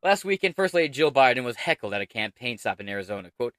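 A man's voice: medium pitch, very animated, quick pace, a bit bright, dry recording, clean studio sound. A man hosting political commentary, reading an article aloud and ranting over it with heavy swearing and sarcasm.

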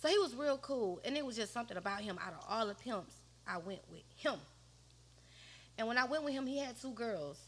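A woman's voice: fairly high pitch, animated, brisk, fairly bright tone, husky. A woman guest on a podcast, telling a personal story in a slangy, conversational way. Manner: slangy, conversational, often quoting others.

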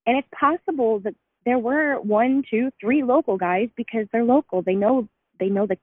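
A woman's voice: a little high, moderate pace, breathy edge, no room sound. A woman caller speaking over a tinny, dry phone line. She is earnest and insistent as she recounts a story passed down in her family. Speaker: caller with information.

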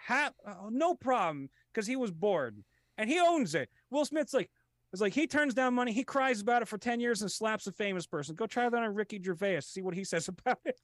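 A young man with a high, bright-pitched voice tumbles through improvised comedy, laughing and restarting his sentences as he jumps between impressions. The sound is close and dry, with no room around it. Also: animated, no room sound. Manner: rapid impressions, giggly, stammering restarts. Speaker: podcast guest.

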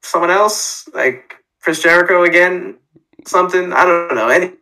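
Casual male podcast co-host: bright tone, a bit high, joking and animated. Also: normal speed, rough recording. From Florida. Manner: joking, animated, acts out mock dialogue. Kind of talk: casual chat.

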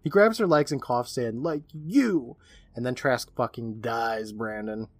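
A man's voice: medium pitch, expressive, moderate pace, dry recording. A man co-hosting a podcast, recapping a horror episode in casual chat and laughing often. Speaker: podcast co-host.

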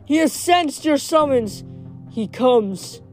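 A woman voicing a lifeless, fearful young male ghost with a hollow, halting delivery in a read-aloud story. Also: sits high, animated, faint music behind, voice pushed up.

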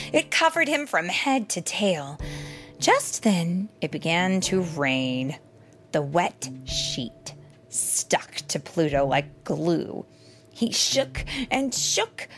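A woman with a medium-pitched voice reads a children's storybook aloud expressively, using dramatic pauses and occasionally asking the young listeners questions.

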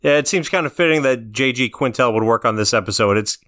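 A man's voice: mid-range voice, fast talker, a bit bright. A young man co-hosting a podcast in casual chat, joking around and sharing trivia. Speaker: podcast co-host.

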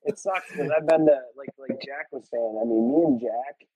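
A man's voice: fairly high pitch, expressive, normal speed, creaky, mellow, breathy edge, no room sound, poor audio. A man co-hosting a podcast, talking in a laid-back, casual way. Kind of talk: casual chat.

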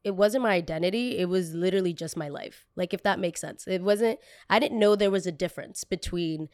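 A young woman from a Colombian family in the United States hosts a casual podcast, telling stories about her childhood. Her fairly low, darkish voice runs a little fast in a dry recording, and she's chatty, full of "like" fillers and blunt swearing.

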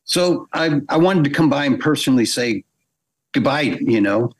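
A middle-aged man telling a long, lively anecdote as a guest in a podcast interview, acting out the voices of the people he quotes. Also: mid-range voice, moderate pace, husky. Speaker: guest animator.

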